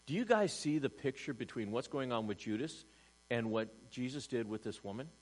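Male pastor, mid-pitched, dynamic sermon delivery, rhetorical questions, big shifts in volume. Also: lively intonation, normal speed, low-quality recording. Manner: dynamic, swings from loud emphasis to hushed, rhetorical questions. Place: church service.

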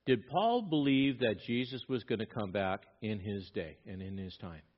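A man's voice: lowish voice, expressive, moderate pace. A male pastor preaching a sermon, reading scripture aloud and pressing his points with emphatic rises in volume. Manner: emphatic, rising in volume when stressing points. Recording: dull lo-fi sermon recording.

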